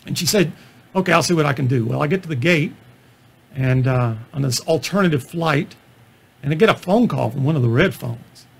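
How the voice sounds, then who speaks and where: Gravelly self-deprecating male storyteller. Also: fairly high pitch, expressive, fairly quick. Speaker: physician lecturing on stand-up comedy. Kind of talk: anecdotal presentation.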